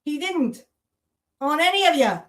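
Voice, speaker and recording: A woman's voice: high-pitched, big pitch swings, measured pace, fairly bright tone. A woman hosting a podcast, delivering a heated, profane, accusatory monologue full of repeated rhetorical challenges. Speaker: podcast host. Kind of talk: angry monologue rant.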